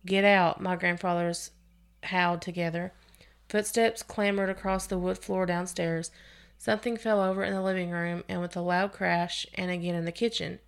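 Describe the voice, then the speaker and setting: A woman with a lowish, creaky voice hosts a podcast, reading a scary story aloud with expression. Now and then she restarts a phrase.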